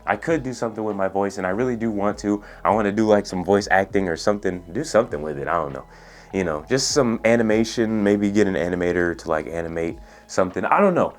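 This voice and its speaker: A young man in his twenties telling a story in a casual, laid-back way, using lots of slang and filler words, with a soft, soothing voice. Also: lowish voice, fast. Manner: laid-back, profane slang, says "bro" and "like" a lot. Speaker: storytelling vlogger. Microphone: USB studio microphone.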